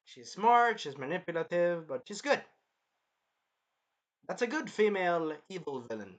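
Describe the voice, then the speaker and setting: A man's voice: high-pitched, big pitch swings, normal speed. A man giving a casual episode review, rambling, repeating himself and swearing. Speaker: show reviewer.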